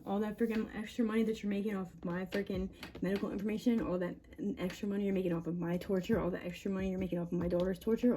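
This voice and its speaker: A woman's voice: mid-range voice, warm tone, slight background noise. A mother venting on camera in a rambling monologue, swearing often, agitated and breaking into laughs between lines.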